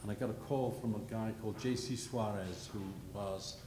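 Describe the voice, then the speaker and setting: An older man telling a rambling, self-deprecating story at a gallery panel, halting with many restarts. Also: on the low side. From England. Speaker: panel guest, illustrator. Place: gallery panel before an audience. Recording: echoey gallery hall, noisy.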